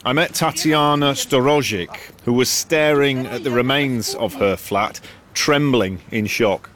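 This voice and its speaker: A male news correspondent reporting from outside a damaged apartment block in a measured, sober way. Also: mid-range voice, a crowd in the background.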